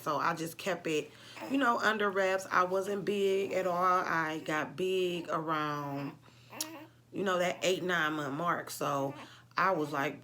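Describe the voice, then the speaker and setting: A woman's voice: sits low, a bit bright. A woman, talking casually to camera as a vlogger, chatty and laughing often as she acts out what others said.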